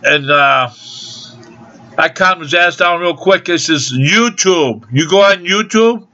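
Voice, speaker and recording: Ranting older man, bright lo-fi sound. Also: sits high, slow. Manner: profane, rambling, aggrieved. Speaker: vlogger. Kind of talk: angry ranting monologue. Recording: dull lo-fi home video sound.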